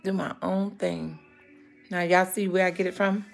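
A woman's voice: on the low side, fairly even intonation, moderate pace, gravelly, soft background music. Chatty, upbeat woman vlogging at home. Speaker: vlog host. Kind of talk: casual family vlog. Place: home, indoors.

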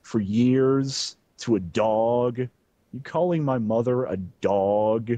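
A man playing a gruff, insulting middle-aged father on a prank call, blustering and stammering. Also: medium pitch, slow pace, warm tone, dry recording, highs cut off, close to an everyday voice. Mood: accusing. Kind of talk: prank call role-play.

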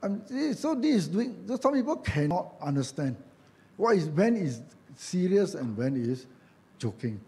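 Joking Malaysian preacher man, lively. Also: high voice, unhurried. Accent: Malaysian English. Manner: conversational and joking, acts out quoted voices, tag questions. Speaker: church elder preaching. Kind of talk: sermon.

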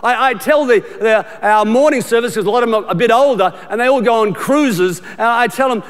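A middle-aged Australian man preaches in a fairly high voice, emphatic and repetitive, restarting sentences as he talks to the congregation. His voice carries a long reverb through a large church auditorium. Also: fairly quick, few pauses. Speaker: pastor. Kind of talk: sermon.

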